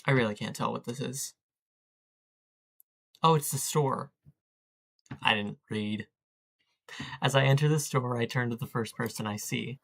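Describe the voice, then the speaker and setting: A man's voice: medium pitch, unhurried, creaky, pauses often, fairly bright tone. A man chatting casually while playing a text adventure, reading its lines aloud and joking about them in a self-mocking way. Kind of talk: casual let's-play commentary.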